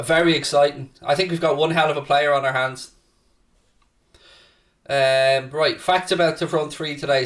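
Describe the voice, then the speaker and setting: This is casual live-stream chat from a man running a football watchalong, who talks to his audience, reads out what they send, and curses openly when excited. He sounds a little high and slightly bright, recorded from far off.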